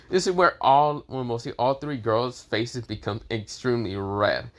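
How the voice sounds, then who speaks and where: A man's voice: medium pitch, normal speed, few pauses, a bit bright. Rambling man narrating a fan story. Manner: rambling, repeats fillers often.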